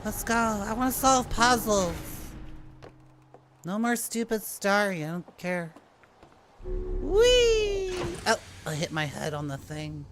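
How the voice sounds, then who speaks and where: A woman's voice: medium pitch, measured pace. A woman commenting while playing a game, muttering in a puzzled way. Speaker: game player. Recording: faint music behind.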